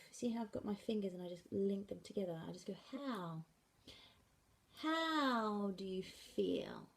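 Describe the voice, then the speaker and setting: Slow, patient woman teacher. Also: mid-range voice, darkish tone. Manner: slow, patient, checks understanding with frequent "okay". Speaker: sign language teacher. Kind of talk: classroom lesson.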